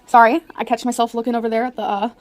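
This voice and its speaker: Quick-talking woman vlogger, apologetic. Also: on the high side, little pitch movement. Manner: apologetic, chatty, giggly asides. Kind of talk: casual vlog talk, reading notes aloud.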